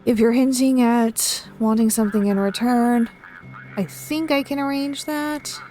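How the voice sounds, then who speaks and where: A woman's voice: on the high side, measured pace, dark tone, soft background music, pitched above the performer's own voice, natural voice. A woman voicing a curt, pushy ship captain demanding guidance to port, reading game dialogue aloud. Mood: insistent. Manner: curt, insistent.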